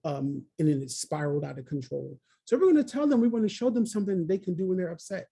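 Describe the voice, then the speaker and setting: A male trainer presents over a video call, encouraging his listeners and calling on them by name. His voice sits a little high for a man, with a husky, gravelly grain and a mellow, dark tone. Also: sing-song, fast. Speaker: early childhood trainer. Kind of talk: webinar presentation.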